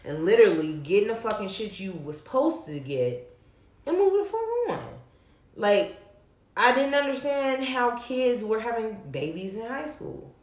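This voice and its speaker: A young woman talking casually and bluntly, swearing freely and telling stories with animated emphasis. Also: a little high, normal speed, reverberant. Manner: blunt, profane, animated storytelling. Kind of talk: casual candid chat.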